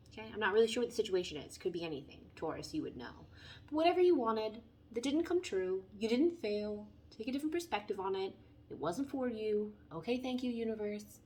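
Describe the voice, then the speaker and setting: A young woman giving a casual, playful tarot reading, chatty and animated as she talks through the cards. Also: on the high side. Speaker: tarot reader.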